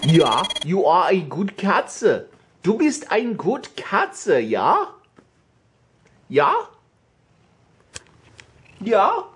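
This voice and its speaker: A man putting on a playful mock-German voice, cooing slowly at a cat in sing-song baby talk. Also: sits high, wildly swooping pitch, slight background noise, pitched above the performer's own voice, heavily acted. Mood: doting.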